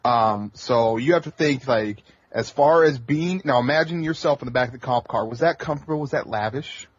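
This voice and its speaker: Husky joking man on a podcast. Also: medium pitch, a little fast, dry recording. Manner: joking, blunt, swears casually. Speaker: podcast co-host. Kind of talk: casual podcast banter. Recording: dull lo-fi podcast audio.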